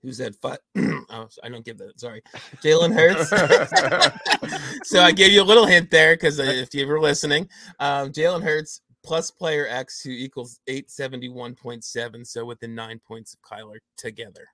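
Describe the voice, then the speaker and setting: A man's voice: medium pitch, normal speed, sharp tone, dry recording. A man hosting a fantasy football trade quiz on a casual podcast, reading out values and laughing often. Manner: reads out numbers, laughs often. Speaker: host running a trade quiz.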